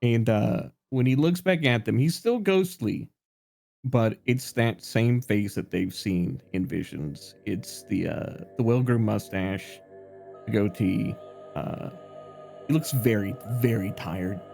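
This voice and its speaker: A man narrating his character's farewell in a tabletop game, slow and halting. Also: on the low side, vocal fry, soft background music. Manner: slow, hesitant with fillers, animated. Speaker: player.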